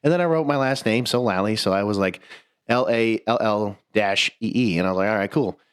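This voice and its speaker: Young man, podcast co-host, casual storytelling, animated, swears a lot, laughs while talking. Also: lowish voice, a little fast, clear, resonant tone. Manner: animated, profane, laughs mid-sentence, stumbling restarts.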